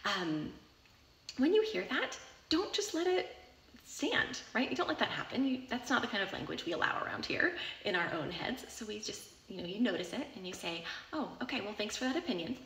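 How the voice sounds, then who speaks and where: A woman's voice: mid-range voice, big pitch swings, normal speed, gravelly, a bit bright, reverberant, slight background noise. A woman speaking in a casual, reassuring advice talk, often checking in with the listener by asking "right?" or "okay?". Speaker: self-help author answering a listener question.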